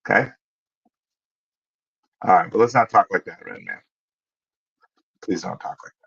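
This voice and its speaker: Low-voiced man hosting a casual stream. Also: gravelly, fairly bright tone, breathy edge, lo-fi sound. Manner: conversational, thinks aloud, pauses with fillers while looking things up. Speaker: livestream host. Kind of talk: casual livestream chat answering viewers.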